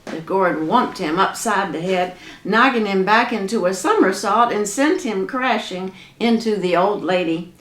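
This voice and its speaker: A woman telling a folk tale in a lively, dramatic, folksy way. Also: mid-range voice, a little slow. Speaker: storyteller. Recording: echoey room.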